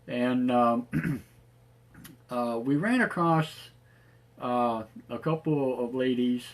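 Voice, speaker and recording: A man hosting a live online radio show, his voice raspy tonight, rambling with many fillers and restarts. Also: medium pitch, takes it slowly. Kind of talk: casual live-show chat.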